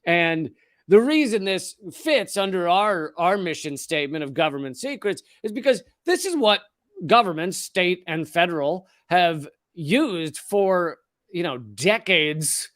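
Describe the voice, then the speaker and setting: A man's voice: high voice, animated, a little slow, fairly bright tone, no room sound, studio quality. A man co-hosting a podcast, talking in a blunt, profane, sardonic way. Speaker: podcast co-host. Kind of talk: casual podcast chat.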